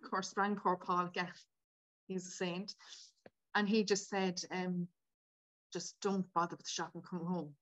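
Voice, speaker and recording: A woman's voice: on the low side, flat delivery, unhurried, pauses often. A woman, a podcast guest candidly telling her own story with many fillers. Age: 50s. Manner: candid and tearful at times, many 'like' fillers. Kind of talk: emotional personal storytelling.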